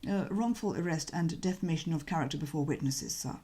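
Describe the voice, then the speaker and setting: A woman voicing a deferential male valet, calm and formal, with a measured, soft delivery in an audiobook reading. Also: low-pitched, husky, voice pushed down. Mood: unflappable.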